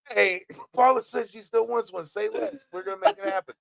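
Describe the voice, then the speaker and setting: A man co-hosting a casual podcast, talking loudly with lots of laughter and swearing. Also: very high voice, brisk, vocal fry, few pauses, no echo. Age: adult parent. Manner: loud, laughing, swearing, animated. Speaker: podcast co-host. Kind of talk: casual chat.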